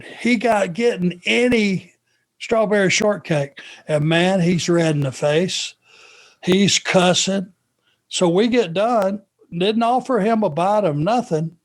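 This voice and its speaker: A man from Georgia, co-hosting a podcast and telling a long anecdote in an unhurried, drawn-out way. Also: high-pitched. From Georgia, USA. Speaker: podcast co-host. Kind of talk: casual storytelling chat.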